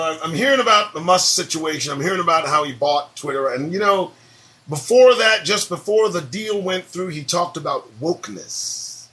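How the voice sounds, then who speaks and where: A man's voice: sits high, sharp tone. A man hosting his daily morning talk show, rambling and swearing casually as he drifts between topics. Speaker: show host.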